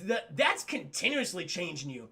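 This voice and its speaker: A man's voice: high-pitched, very animated, moderate pace, bright, forceful tone, husky, exaggerated voice. A man quoting a blunt cartoon scientist. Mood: grave. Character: grave male scientist delivering bad news.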